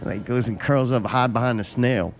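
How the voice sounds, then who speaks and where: A man's voice: mid-range voice, moderate pace, faint music behind. A man hosting a podcast, telling a long, profane, rambling story in casual chat. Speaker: podcast host.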